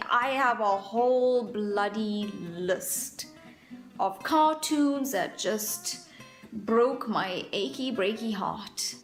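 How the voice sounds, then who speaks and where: A woman's voice: fairly high pitch, fairly bright tone. A young adult woman vlogger talking in a playful, self-mocking, chatty way. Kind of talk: casual comic vlog. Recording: echoey room sound.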